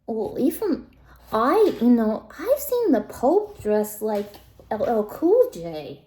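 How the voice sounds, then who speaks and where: A woman doing a slow, meddling old grandmother. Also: fairly high pitch, sing-song, warm tone, roomy sound. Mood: nosy. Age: older. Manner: gossipy, drops into whispered asides and sighs. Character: nosy elderly Jewish grandmother, meddling and blunt. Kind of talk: comic character monologue.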